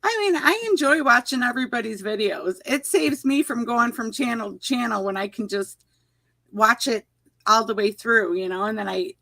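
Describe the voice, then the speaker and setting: Bright high-voiced Southern woman. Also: animated, normal speed, gravelly, no room sound. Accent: Southern US drawl. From Kentucky, USA. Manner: reads out list with laughs. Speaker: guest creator. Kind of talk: casual livestream chat.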